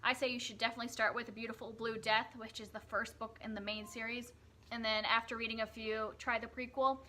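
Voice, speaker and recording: A woman's voice: on the high side, flat delivery, quick pace, bright, forceful tone, a little hiss or hum. A young woman chatting casually as she reviews books she read, with lots of fillers and restarts. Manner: chatty, many fillers and self-corrections. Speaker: book reviewer. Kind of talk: casual book review vlog.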